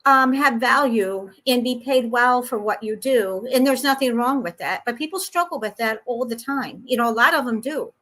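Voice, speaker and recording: Bright-voiced woman talk show host. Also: fairly high pitch, moderate pace, hardly any pauses, poor audio. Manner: affirming, rambling, many "you know"s. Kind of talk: casual interview talk.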